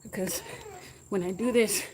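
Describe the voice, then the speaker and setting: A woman talks to her livestream viewers in an encouraging, motivational way while she rides an exercise bike, and now and then she sounds a little out of breath. Her voice sits at an ordinary middle pitch. A steady background noise runs under the recording. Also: measured pace. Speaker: livestreaming fitness vlogger. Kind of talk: casual livestream chat with viewers.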